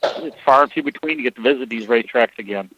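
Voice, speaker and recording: A man calling in as a guest, relaxed and laid-back, teasing the hosts. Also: medium pitch, quick pace, highs cut off, slight background noise. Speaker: guest on phone. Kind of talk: casual phone interview.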